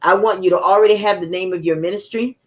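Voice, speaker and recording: A woman's voice: mid-range voice, fast talker. A woman hosting a talk show, speaking in an emphatic, preacher-like way with encouraging declarations and laughing asides.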